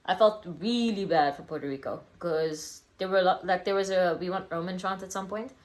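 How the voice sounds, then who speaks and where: A woman's voice: lowish voice, moderate pace. Chatty young woman reviewing wrestling. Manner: chatty, rambling, many fillers and self-corrections. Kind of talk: casual solo review vlog.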